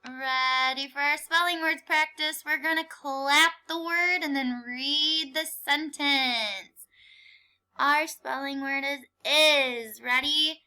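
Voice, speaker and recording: A woman teaching a class of small children, speaking very slowly and clearly with a bright, sharp tone. She drills counting and spelling in a playful, sing-song way, praising often. Her voice sits fairly high. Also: steady tone. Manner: encouraging, playful. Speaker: kindergarten teacher. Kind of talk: slow calendar lesson for young children.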